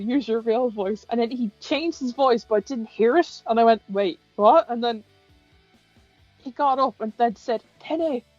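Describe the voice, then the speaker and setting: An Irish woman chatting casually with a friend, talking quickly in bursts with many restarts. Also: fairly high pitch, a little mellow, no room sound, muffled recording. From Ireland. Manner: chatty, frequent restarts and swearing. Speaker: podcast co-host. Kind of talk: casual chat.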